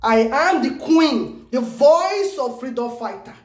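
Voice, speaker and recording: A Nigerian woman vlogging news commentary in an excited, exclamatory way, repeating phrases for emphasis. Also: high-pitched, slow, reverberant. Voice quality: animated, exclamatory, repeats herself.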